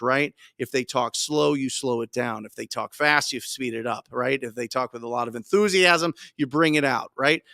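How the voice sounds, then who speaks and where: A man leads a live coaching Q&A with plenty of energy, pressing hard on each point and repeating it. His voice sits a little high. The sound is close and dry, with almost no room behind it. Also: a bit bright, dry recording. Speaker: podcast host and wholesaling coach.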